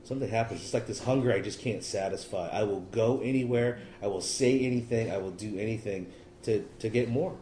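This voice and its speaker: A man's voice: on the low side, fairly quick, warm tone, slight background noise. Rambling middle-aged man in an echoey room. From California. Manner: rambling, self-deprecating, wry humor. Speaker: recovery meeting speaker. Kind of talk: personal testimony talk.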